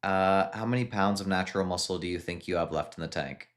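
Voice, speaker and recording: A man with a very deep voice reads viewer questions off a live chat and answers each one in turn. He talks in a loose, unhurried way, often stopping and restarting a sentence before he gets it out. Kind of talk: casual live-stream chat.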